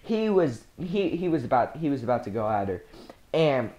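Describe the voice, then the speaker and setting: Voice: medium pitch, sing-song, moderate pace, mellow. A young speaker telling a casual storytime, rambling with slang and frequent laughter. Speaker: storyteller vlogger.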